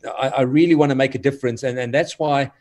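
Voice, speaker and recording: A man's voice: medium pitch, steady tone, quick pace, a little mellow. A man being interviewed, talking in an earnest, motivational way. He halts and repeats words as he goes. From South Africa. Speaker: guest, former rugby player. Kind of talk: casual interview chat.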